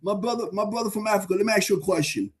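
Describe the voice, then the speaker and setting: A man's voice: high-pitched, rapid-fire, a loud crowd. A man in his fifties, pressing a guest with insistent, repeated questions in a debate. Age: 50s. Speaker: panelist.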